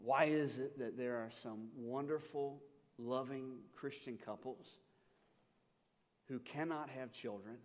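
A man preaching a sermon as a pastor, earnest and often stammering, moving between loud pleading passages and hushed, reflective ones. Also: medium pitch, slow pace. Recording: long hall reverb.

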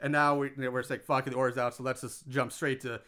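A man's voice: medium pitch, flat delivery, quick pace, sharp tone. A man hosting a podcast in loose casual chat, profane and joking with dry sarcasm. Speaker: podcast host.

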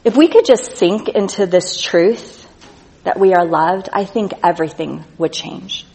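A woman preaching a sermon, reading scripture with slow, stressed emphasis and going soft and quiet on tender lines. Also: on the low side, poor audio. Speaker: speaker at a church gathering.

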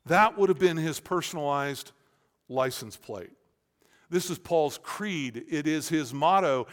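Emphatic preacher in a reverberant hall. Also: male voice, fairly high pitch, lively intonation, unhurried. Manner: emphatic, with big swings between loud stresses and quiet questions. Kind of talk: expository sermon. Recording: long reverb of a large hall.

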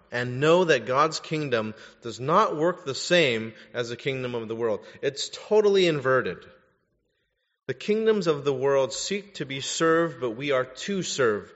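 A man's voice: mid-range voice, fairly bright tone. A male pastor preaching a sermon, emphatic and full of rhetorical questions. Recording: echoey hall, dull lo-fi sound.

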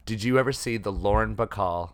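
A man's voice: on the low side, brisk, clean tone, no room sound. A man co-hosting a comedy podcast, chatting casually and enthusiastically and laughing often. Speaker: podcast co-host.

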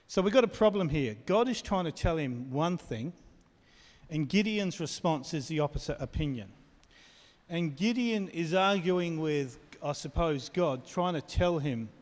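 A man's voice: on the high side, expressive, unhurried, in a large hall. A man preaching a sermon as pastor, talking conversationally and asking the congregation questions.

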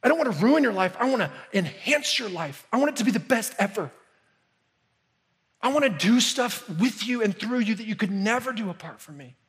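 A man voicing a loving divine voice, tender, pleading, reassuring, fairly high voice. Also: animated, brisk, fairly bright tone, long reverb tail.

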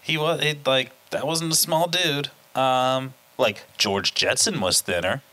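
A man's voice: medium pitch, unhurried, sharp tone. A man co-hosting a podcast, chatting casually in a rambling, joking way with many fillers. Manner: rambling, jokey, lots of fillers. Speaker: podcast co-host. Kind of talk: casual chat.

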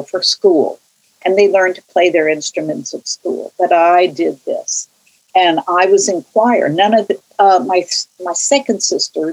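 A woman's voice: lowish voice, darkish tone, poor audio. An older woman from California, a church choir singer, recalling her musical upbringing in a rambling, conversational way with frequent restarts and tangents. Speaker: interviewee, church choir member. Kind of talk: casual conversational storytelling.

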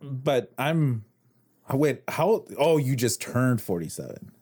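A man in his forties hosting a podcast, telling relaxed stories and chuckling at himself. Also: mid-range voice, measured pace, breathy edge. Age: 40s. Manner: easygoing storyteller, chuckles at himself. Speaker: podcast host. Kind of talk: casual chat.

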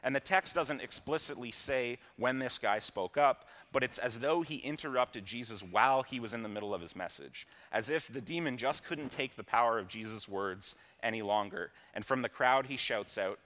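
A male pastor delivers a sermon in an easygoing, conversational manner. His pitch sits in the ordinary middle range for a man, and he slips casual asides in among the teaching. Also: lively intonation, normal speed, a bit bright.

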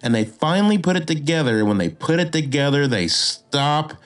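A man hosting a screenwriting podcast, talking casually and swinging his pitch up and down, with frequent restarts. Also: sing-song, a little fast, few pauses, faint music behind. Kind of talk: casual instructional talk.

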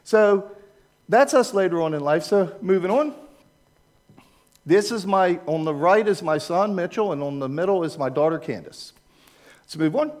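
A man's voice: sits high, lively intonation, moderate pace, long pauses, darkish tone. An older American man with a Maryland accent, giving a chatty, informal talk with slides to a church group. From United States. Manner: chatty, digressive, asks the audience for agreement.

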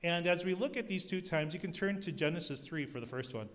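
A man giving a sermon, telling stories with humor in an animated way. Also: on the high side, quick pace. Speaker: youth ministry speaker. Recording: long hall reverb.

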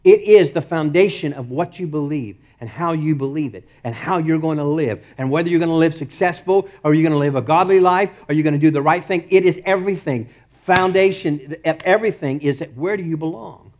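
A pastor preaching a sermon with passion, repeating short declarations and swinging from loud insistence to quiet, intimate appeals. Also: male voice, a little high, brisk. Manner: impassioned, repeats key phrases, rises then drops to near murmur. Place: church.

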